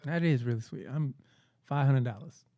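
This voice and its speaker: A man's voice: mid-range voice, normal speed, dark tone. A man co-hosting a comedy podcast, dropping dry wisecracks into casual chat. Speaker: podcast co-host.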